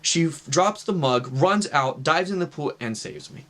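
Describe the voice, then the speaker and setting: A man's voice: on the high side, animated, measured pace, fairly bright tone. A man in his thirties telling a personal testimony in casual, earnest storytelling, with fillers like "right" and "like". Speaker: vlogger sharing a testimony.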